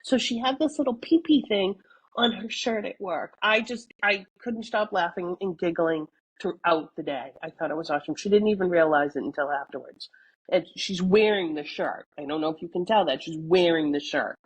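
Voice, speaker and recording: Husky-voiced woman telling stories. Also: fairly low pitch, normal speed, low-quality recording. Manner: chatty storytelling, laughing often, swears casually. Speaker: podcast co-host. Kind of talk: casual chat.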